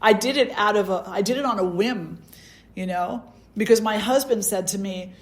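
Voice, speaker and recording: A woman's voice: medium pitch, moderate pace. Woman telling a personal story. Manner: storytelling, acts out quoted dialogue. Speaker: spiritual teacher. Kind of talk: satsang talk, personal story.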